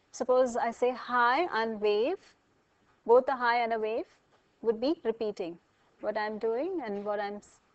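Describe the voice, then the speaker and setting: A woman's voice: a little high, dry recording, dull audio. A woman lecturing a college class, asking students questions and explaining with everyday examples.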